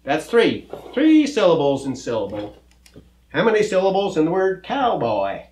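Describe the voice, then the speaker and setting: A friendly cowboy teacher, folksy and good-natured, explains patiently and cracks corny jokes in a children's comedy skit. His voice is fairly high and very lively, at normal speed, with a roomy echo around him.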